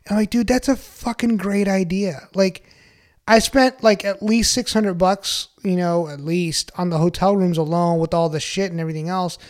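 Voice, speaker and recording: A man's voice: sits high, steady tone, moderate pace. A man telling a story in casual podcast chat, rambling with lots of fillers and swearing.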